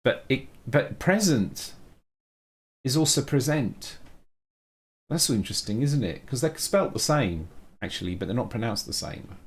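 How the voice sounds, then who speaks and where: A man's voice: medium pitch, animated, fairly quick. A man chatting casually on a live stream while he works, musing aloud about words and making puns at his viewers. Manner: musing, wordplay-loving, talks to chat by name.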